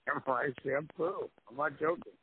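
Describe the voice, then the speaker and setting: A man's voice: fairly high pitch, moderate pace, a crowd in the background. A middle-aged man from Florida telling long, rambling, profane stories in casual chat. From Tampa, Florida. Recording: phone-like audio with faint noise.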